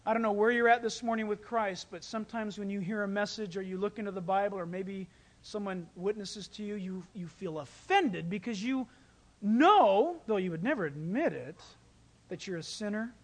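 A pastor preaching a sermon, telling stories with animated delivery and acting out quoted voices. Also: male voice, sits high, normal speed. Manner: animated storytelling, acts out quotes.

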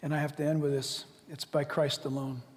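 A man's voice: fairly high pitch, a little fast, big-room sound. A male pastor preaching a sermon animatedly, acting out imagined conversations and dropping to whispers. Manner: animated, acts out both sides of imagined dialogues, drops to whispers.

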